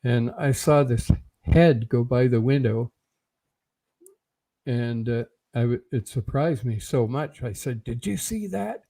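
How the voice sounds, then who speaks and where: An older man from Canada, an interview guest recounting a personal story in a halting way with frequent fillers. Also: mid-range voice, steady tone, mellow.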